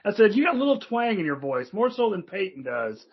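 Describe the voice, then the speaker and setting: A fast-talking man from Louisville, co-hosting with a chatty, joking, rambling manner. His voice is fairly high for a man, and the sound is muffled and lo-fi. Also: very animated, breathy edge. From Louisville, Kentucky. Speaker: podcast co-host. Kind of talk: casual interview chat. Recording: dull lo-fi audio.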